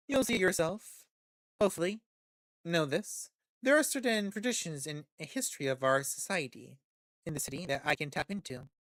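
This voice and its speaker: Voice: mid-range voice, fairly bright tone, no room sound, clean studio sound, close to an everyday voice. A streamer reading as a poised vampire patroness. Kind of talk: reading game dialogue aloud.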